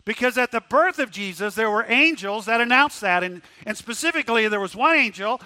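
A man preaching a sermon, swinging from loud rising questions to hushed, low tones, often repeating words as he restarts. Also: animated, brisk, no room sound. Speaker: pastor.

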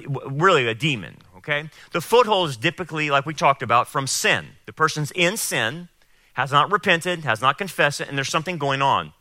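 Guy preaching a sermon, super bright voice, dry close sound, gets loud and emphatic. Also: a little high, no room sound. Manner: emphatic, quotes people in raised voices, pauses to explain. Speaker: pastor. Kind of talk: sermon and Bible teaching.

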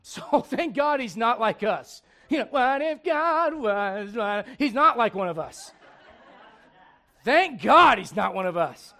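Pastor, male, high voice, lively preaching with jokes and acted quotes. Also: measured pace. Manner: animated, humorous, laughing asides, acts out quotes. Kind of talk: sermon.

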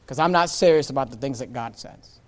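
A man preaching a sermon as pastor, forceful and emphatic, with frequent repetitions. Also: mid-range voice, quick pace.

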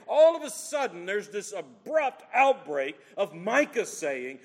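A man's voice: high voice, sing-song, measured pace, few pauses, long reverb tail. A man preaching a sermon as pastor, emphatic and quoting scripture dramatically.

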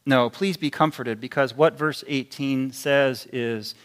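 A man preaching a sermon in a deliberate, emphatic way, his loudness rising and dropping sharply for stress. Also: mid-range voice.

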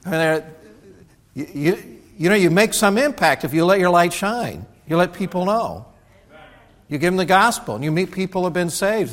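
Originally from Indiana, a pastor preaches a sermon in a brisk, slightly high voice, spinning folksy stories and acting out other people's lines with animated voices. The church sanctuary gives his words a long reverb.

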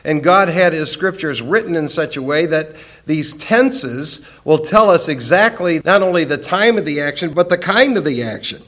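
A man's voice: a little high, animated, normal speed, fairly bright tone. A man teaching a Bible study lesson in an earnest, emphatic way, repeating key words for stress.

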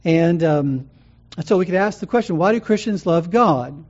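A man's voice: sits high, expressive, moderate pace, darkish tone. A man preaching a sermon as pastor, teaching in a conversational way with frequent ums and restarts. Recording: muffled lo-fi sound.

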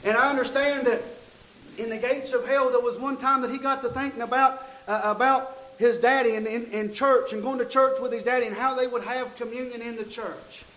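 Man preaching, very high voice, folksy storytelling, echoey church. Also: steady tone, fairly quick, a bit bright, a little hiss or hum. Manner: folksy, repeats and restarts phrases. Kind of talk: storytelling sermon.

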